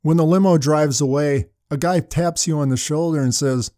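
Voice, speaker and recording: An older man preaches a sermon, leading in with story after story. His voice sits a little high yet sounds mellow and dark. The sound is dry and close. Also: moderate pace, few pauses, no room sound. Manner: storytelling with anecdotes. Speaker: pastor.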